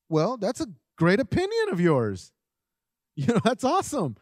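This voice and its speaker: A middle-aged man giving a conversational parenting talk, animated, often acting out what parents and children say. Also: sits high, normal speed, no echo, clean studio sound. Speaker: parenting speaker.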